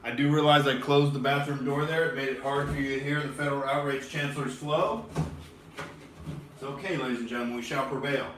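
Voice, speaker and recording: A young adult comedian plays a swaggering, swearing bro on a satirical podcast, ranting in character like he's pumped up and drinking beer, calling everyone "dude." His voice is medium in pitch and steady, slightly fast and a bit bright. There's a faint hiss or hum in the recording.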